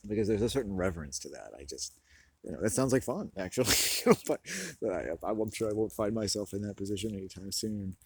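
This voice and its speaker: A man with a low, husky voice rambles through a comic monologue. He mocks himself and keeps laughing at his own jokes. The sound is dry and close, with no room around it. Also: fast, darkish tone, no room sound. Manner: rambling, self-mocking, laughs often.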